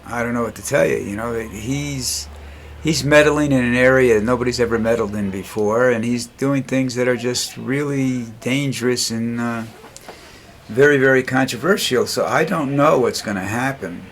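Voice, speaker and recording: An older man vlogging in a rambling, halting, blunt way, who tires easily. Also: mid-range voice, a little hiss or hum. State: tires easily, dizzy after walking. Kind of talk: casual monologue.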